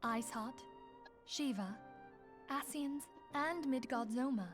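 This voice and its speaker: An actress voicing a solemn, wise woman scholar in a video game, speaking in a grave, measured way. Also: sits high, soft background music. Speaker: game character. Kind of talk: game voice acting.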